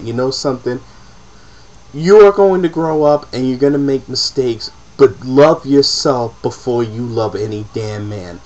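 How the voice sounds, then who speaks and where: An emotional man delivers a profane, repetitive rant straight to camera in an ordinary mid-pitched voice. The audio is dull and lo-fi, like a cheap webcam mic. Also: a little mellow. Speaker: vlogger. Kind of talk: impassioned personal rant to camera.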